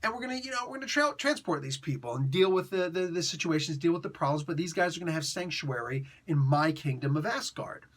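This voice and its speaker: A man's voice: fairly high pitch, expressive, quick pace, hardly any pauses, fairly bright tone. A man voicing a cool, cocky male thunder god in laid-back slangy talk.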